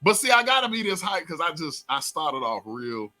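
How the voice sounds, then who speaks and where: A young man with a South Florida accent hosting a talk show, hyped and loud, jumping between shouting and mumbling. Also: a little high, very animated, moderate pace. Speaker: host.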